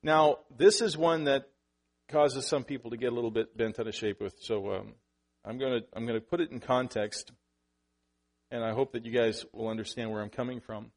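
A man preaching to his congregation in an easy, conversational way, at a middle pitch for a man. He stops and restarts sentences and turns to the congregation with asides. On the points he wants to land, he gets louder and his voice climbs. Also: moderate pace. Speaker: pastor. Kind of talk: sermon.

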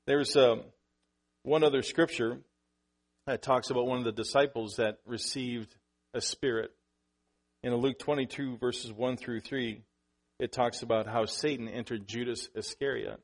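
In a steady tone and at a measured pace, a man preaches a sermon as pastor, keeping it conversational. He restarts sentences, addresses asides to the congregation, and rises in volume and pitch on key points.

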